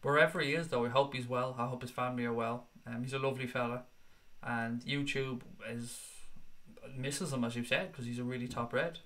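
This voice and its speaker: A man's voice: medium pitch, fairly even intonation, brisk, a bit bright. A man hosting a football fan livestream, chatting casually and swearing freely as he answers viewers. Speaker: football fan channel host. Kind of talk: livestream chat, reading viewer comments.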